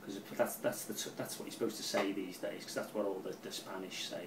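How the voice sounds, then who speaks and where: Rambling, excitable football fan. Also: male voice, deep voice, a little fast, few pauses, distant mic. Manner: rambling, excitable, swears freely. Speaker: football fan channel pundit. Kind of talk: casual match preview. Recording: roomy, off-mic with faint ambience.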